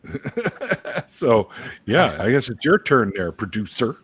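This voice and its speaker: A man's voice: medium pitch, sing-song, slow pace, fairly bright tone, slightly rough. A man hosting a casual livestream chat, teasing and laughing with his guests. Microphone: video call.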